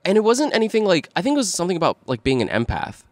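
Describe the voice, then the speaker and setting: A young man in his twenties, co-hosting a podcast in casual chat, lively and teasing. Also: sits high, dry recording. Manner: lively, quick, laughs and teases. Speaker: podcast co-host.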